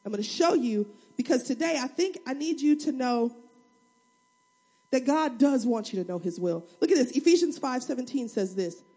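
A woman pastor preaching a sermon in a lively, humorous, conversational way, speaking directly to the congregation. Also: sits high, moderate pace, slightly rough. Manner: animated, humorous, acts out prayers and everyday scenes.

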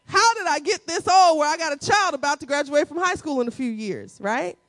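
A woman in her forties preaching a sermon, with playful asides and key lines repeated slowly for the congregation. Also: animated, dry recording. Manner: playful asides with quick dips into a low, quiet voice. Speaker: pastor.

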